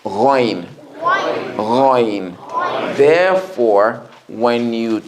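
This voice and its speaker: A man teaching a Quran reading class, drawing out letter sounds slowly and then asking the students quick questions. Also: medium pitch, expressive, noisy background. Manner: slow drawn-out letter drills, quick classroom asides. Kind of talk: classroom lesson with drills.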